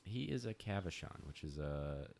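Young male co-host, very deep register, chatty storyteller. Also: animated, normal speed, vocal fry, a little mellow. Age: young adult. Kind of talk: casual chat.

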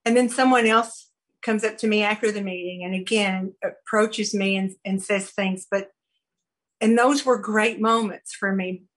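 A woman giving a personal recovery testimony, earnest and halting, with many fillers and restarts. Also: mid-range voice, fairly even intonation, rough recording. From American South. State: briefly choked up. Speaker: recovery program speaker sharing her story.

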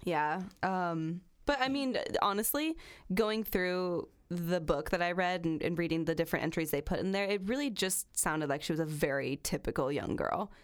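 A woman with a slightly lower voice tells a story on a casual podcast. She rambles easily, laughing often and filling pauses with fillers as she goes. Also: smooth. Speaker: podcast co-host telling a true-crime story. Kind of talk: casual chat.

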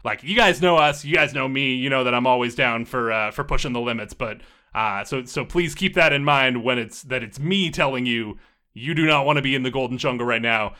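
A man playing a casual, rebellious young man giving laid-back but hurried warnings in a tabletop role-playing game. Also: medium pitch, bright, forceful tone, natural voice. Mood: casual urgent.

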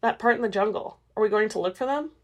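Intense young male vampire, hushed and pressing; a woman reading the part. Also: mid-range voice, fast, lightly acted.

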